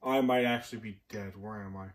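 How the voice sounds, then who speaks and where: A man hosting a casual gaming chat with friends, jokey and excitable, often jumping into high-pitched shrieks. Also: a little fast, far from the mic. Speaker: gaming channel host.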